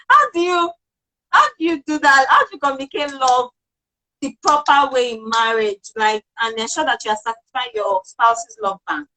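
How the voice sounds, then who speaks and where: A woman hosting a casual conversation, enthusiastic, with quick affirmations. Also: high voice, pushed and bright, rough recording. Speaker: host.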